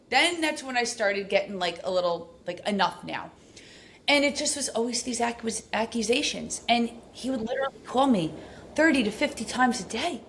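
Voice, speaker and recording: A middle-aged woman, a podcast guest telling stories in a casual, animated way, full of fillers. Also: fairly high pitch, normal speed, a little hiss or hum. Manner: animated, acts out quoted speech, frequent fillers. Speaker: podcast guest, abuse recovery coach. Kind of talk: casual storytelling interview.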